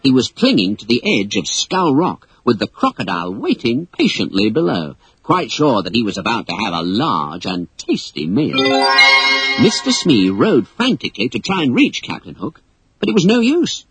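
A man reading a children's story aloud as narrator, in an expressive storybook style. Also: medium pitch, normal speed, faint music behind, poor audio. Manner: animated, expressive read-aloud.

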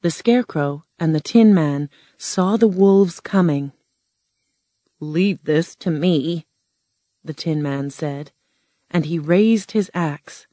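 A woman narrating a storybook in a plain, measured reading voice. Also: low-pitched, mellow, no room sound.

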